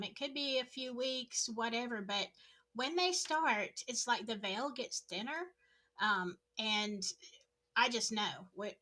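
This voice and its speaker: A woman hosting a livestream interview, chatty and quick to laugh, who also works in healthcare. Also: fairly high pitch, pushed and bright. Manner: chatty, laughs easily, reads viewer questions. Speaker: livestream host; healthcare worker. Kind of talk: casual interview chat.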